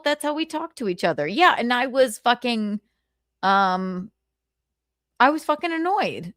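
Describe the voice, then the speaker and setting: A young woman hosts her livestream in loose, candid chat, laughing often and swearing freely. Her voice sits at an ordinary pitch for a woman, and the sound is dry and close to the mic with no room around it. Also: no echo. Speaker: livestream host.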